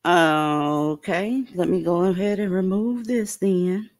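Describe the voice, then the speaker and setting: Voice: medium pitch, slow pace. Offhand livestream host. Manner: offhand, flustered by tech trouble. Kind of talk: casual livestream chat.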